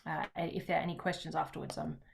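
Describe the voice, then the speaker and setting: A woman presenting to teachers in an online session, talking in a relaxed, chatty way with frequent pauses. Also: low voice, creaky, a little hiss or hum.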